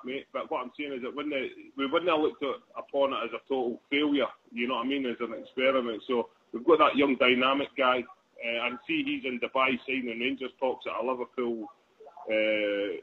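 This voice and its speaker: A man's voice: medium pitch, steady tone, brisk, husky. A man calling in to a radio show, rambling and hesitant with many ums. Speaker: caller. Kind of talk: casual phone-in chat. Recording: tinny phone line with faint noise.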